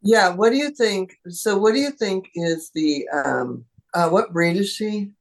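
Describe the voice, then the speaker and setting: Gravelly-voiced chatty woman. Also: medium pitch, animated, unhurried. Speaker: animal communicator guest. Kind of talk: casual interview talk.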